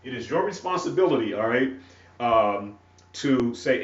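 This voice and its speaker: A man with a rural North Carolina country twang, working as a ministry teacher, teaches a religious lesson while writing on a board. His mid-range voice is animated, but his phrasing is halting and repetitive, stop-start, and he checks in with listeners by asking "all right?". He's far from the mic in an echoey room, and the sound is dull and lo-fi.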